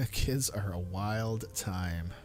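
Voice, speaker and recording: A man's voice: extremely slow, music in the background. A man in his thirties chatting casually on a live stream, rambling with fillers and restarts. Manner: high squeaky voice when quoting his young son.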